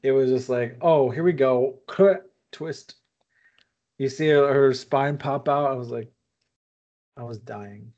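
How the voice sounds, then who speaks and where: A man's voice: mid-range voice, takes it slowly, long pauses, darkish tone. A laid-back man talking over a movie in a casual podcast chat, laughing at his own points and filling his speech with "like." His audio sounds dull and muffled, as if recorded on a lo-fi setup.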